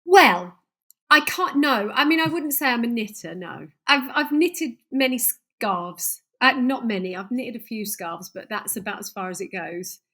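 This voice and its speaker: Female podcast guest, slightly high voice, chatty and self-deprecating, laughs a lot. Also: animated, unhurried, pushed and bright. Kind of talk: casual chat.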